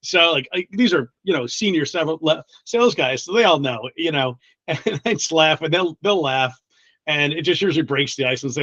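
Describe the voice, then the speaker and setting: A man working as a recruiter, chatting casually in an interview, blunt and quick to swear, laughing often between many restarts. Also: on the high side, sharp tone, dry recording, highs cut off. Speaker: guest recruiter.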